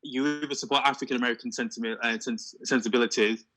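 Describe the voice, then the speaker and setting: A man in casual conversation, talking in an animated way with lots of "you know what I mean". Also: medium pitch, fast, low-quality recording. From Hull, England. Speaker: discussion guest. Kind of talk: casual chat.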